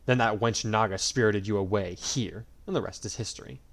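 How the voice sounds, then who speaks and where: A man's voice: on the low side, brisk, natural voice. A man voicing a smug, cruel male dragon god in a fan audio story, with a mocking, drawling, theatrical delivery.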